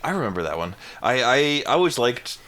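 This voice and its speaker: A man's voice: mid-range voice, very animated, fast talker, a bit bright. A man co-hosting a podcast, chatting casually and laughing as he recalls cartoon scenes. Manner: laughs often, quotes cartoon characters in funny voices. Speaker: podcast co-host. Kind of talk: casual chat.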